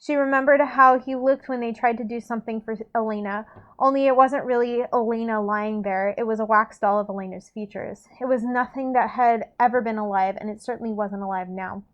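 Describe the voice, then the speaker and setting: A woman's voice: on the high side, steady tone, brisk. A woman casually reading a novel aloud, often stumbling over words and correcting herself. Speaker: reader. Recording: dull lo-fi recording.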